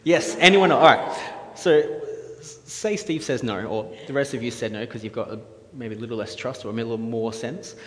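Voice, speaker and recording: A man's voice: mid-range voice, moderate pace, few pauses, slight background noise. Male preacher, casual sermon, jokey, questions the crowd, echoing hall, faint room ambience. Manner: jokey, chatty, asks the audience questions.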